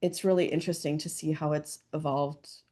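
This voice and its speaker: A woman's voice: low voice, steady tone, brisk, mellow. A woman in her thirties, a podcast guest, chatting casually with many fillers. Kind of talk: casual chat.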